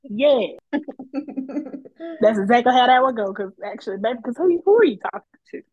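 A woman co-hosting a podcast in casual chat, sassy and animated, telling stories with lots of laughter. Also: on the high side, normal speed, slightly rough, dry recording, dull audio. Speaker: podcast co-host.

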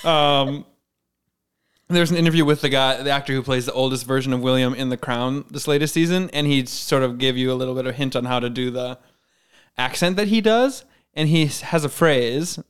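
A man's voice: medium pitch, a little fast, clear, resonant tone. A man co-hosting a podcast, chatting casually and playfully, often laughing and trying out posh accents. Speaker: podcast co-host. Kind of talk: casual chat.

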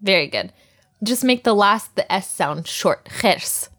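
A woman's voice: mid-range voice, expressive, a little slow, fairly bright tone. A woman teaching a recorded language lesson, patiently drilling words and laughing often.

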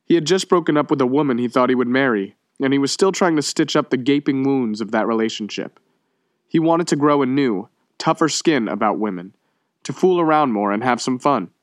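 A man reading a short story aloud in measured, steady narration. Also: medium pitch, no echo, clean studio sound. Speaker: reader. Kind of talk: audiobook reading.

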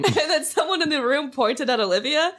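A young woman in casual podcast chat, her voice pitched a little high. She tells stories in a rambling way, full of fillers and restarts, and giggles through them. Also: lively intonation, brisk, a bit bright. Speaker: podcast co-host.

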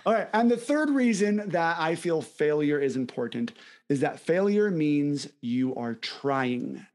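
A man's voice: a little high, lively intonation, a little slow, darkish tone. A young man co-hosting a podcast in casual chat, upbeat and enthusiastic, laughing often. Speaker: podcast co-host.

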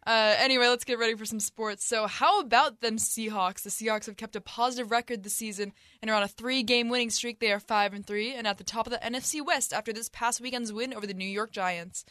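A woman's voice: on the high side, fairly even intonation, fast, few pauses, pushed and bright, no echo, studio quality. A teenage girl reading the sports update on a student radio show, upbeat and scripted.

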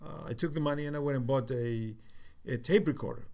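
Older Cypriot-accented man, mid-pitched, halting storyteller full of ums and restarts. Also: vocal fry, dark tone. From Cyprus. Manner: halting, with many fillers and restarts. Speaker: interviewee. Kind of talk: reflective storytelling.

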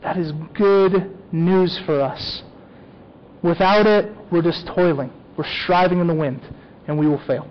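A man's voice: high voice, a little slow, highs cut off. A man preaching a sermon as a pastor, talking conversationally and often checking in with "okay?".

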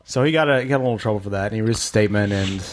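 A man's voice: fairly low pitch, very fast. A man hosting a casual chat podcast, joking as he runs through news items by category. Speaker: podcast host.

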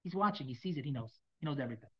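Man, Torah class teacher, brisk delivery, repeats himself, muffled lo-fi recording. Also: medium pitch, lively intonation. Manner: conversational, repeats phrases, many fillers and restarts.

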